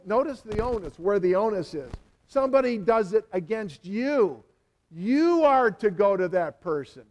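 A man's voice: high-pitched, animated, measured pace, a little mellow. A male pastor giving a sermon in a conversational way, full of "you know" asides and words repeated for emphasis.

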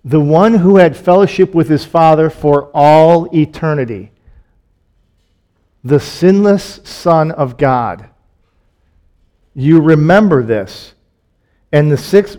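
A man with a slightly higher voice preaches a sermon. He reads scripture passages, then talks them through in plain, conversational asides. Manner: drops to a soft, slow hush on solemn points, rises when excited.

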